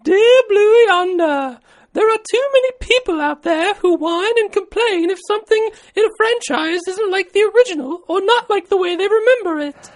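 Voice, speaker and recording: A prim lady with a high, sing-song falsetto, as a man puts her on. The voice swoops a lot and draws out its words, reading in a slow, lilting way. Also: animated.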